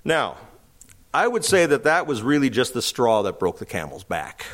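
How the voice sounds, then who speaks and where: Animated pastor, a man teaching scripture. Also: mid-range voice, moderate pace. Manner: asks rhetorical questions and acts out quoted speakers. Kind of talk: verse-by-verse Bible teaching sermon.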